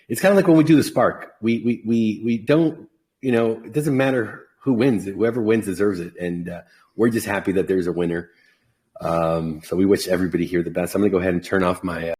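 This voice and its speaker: A man's voice: fairly low pitch, a little mellow. A man hosting a podcast over a video call, chatting casually in an upbeat, joking and encouraging way. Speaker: podcast host. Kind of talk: casual chat.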